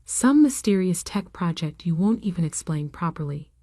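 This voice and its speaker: A woman's voice: fairly low pitch, lively intonation, normal speed, mellow, dry recording, clean studio sound. A woman reading the part of a critical mother who nags her grown daughter. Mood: scolding. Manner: critical, nagging.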